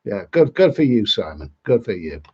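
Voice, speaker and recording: A man's voice: fairly low pitch, very animated, normal speed, warm tone, slightly rough. A middle-aged man, chatting casually on a live stream as a travel vlogger, rambling and repeating his words. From Liverpool, England. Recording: dull lo-fi stream audio.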